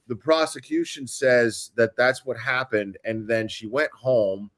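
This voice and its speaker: A man's voice: mid-range voice, steady tone, a little slow, a bit bright. A male host on a casual livestream, explaining a timeline step by step with frequent ums and uhs.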